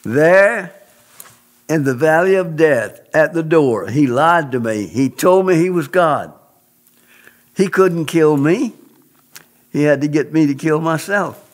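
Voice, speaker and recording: A man's voice: a little high, animated, slow, long pauses. A man telling a personal testimony in an interview, speaking in an earnest, emphatic, preacherly way.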